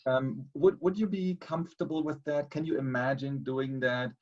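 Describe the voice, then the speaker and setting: A man's voice: medium pitch, fairly even intonation, darkish tone. Hesitant man on a dull line. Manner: measured, hesitant, many fillers. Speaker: theology lecturer. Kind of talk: webinar discussion.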